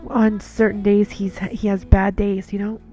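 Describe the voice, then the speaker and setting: A woman's voice: medium pitch, flat delivery, measured pace, mellow, faint music behind. A woman giving an earnest devotional talk in a casual monologue, telling stories and repeating words as she goes.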